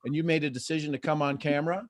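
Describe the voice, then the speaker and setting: A middle-aged man hosting a live motivational coaching call, lively and acting out quoted voices. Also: on the high side, very fast. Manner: animated, acts out quoted voices. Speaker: host and coach.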